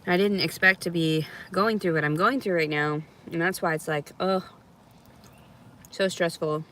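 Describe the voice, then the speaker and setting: A woman reacts to viewer messages for a reality show while chatting in a park, laughing a lot and swearing freely. Her voice is lowish and fairly bright at a moderate pace, with some hiss or hum.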